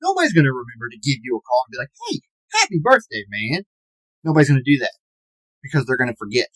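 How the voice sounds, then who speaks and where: A man's voice: mid-range voice, big pitch swings, very fast, dry recording, rough recording. A man in his forties delivering a mock-serious, self-pitying comedic rant as an aggrieved podcast fan, stretching words for dramatic emphasis. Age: 40s.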